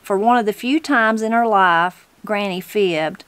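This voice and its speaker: A woman's voice: mid-range voice, measured pace, hardly any pauses, a bit bright, smooth, dry recording. A woman, reading a novel aloud as host of her channel. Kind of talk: storybook reading.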